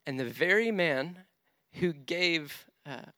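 A male pastor preaching with a bright, ringing voice and a smooth, clear tone. He tells his story with animated, self-deprecating humor, his voice close and dry. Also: fairly high pitch, slow pace, no echo. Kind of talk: sermon with storytelling.

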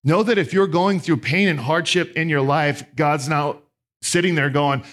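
A middle-aged male pastor preaching a sermon, swinging between emphatic, raised lines and hushed, quiet ones. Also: fairly high pitch, moderate pace.

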